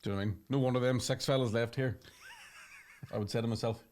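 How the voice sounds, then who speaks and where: Fast-talking Northern Irish man. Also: medium pitch, steady tone, a little mellow. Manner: quick, swearing, jokey, puts on voices. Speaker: podcast co-host, comedian. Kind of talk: casual banter.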